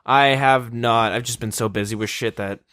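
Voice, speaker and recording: A man's voice: medium pitch, steady tone, normal speed, a bit bright, no echo, studio quality. A young man co-hosting a gaming podcast, joking, swearing freely and asking questions. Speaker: podcast co-host. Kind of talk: casual gaming chat.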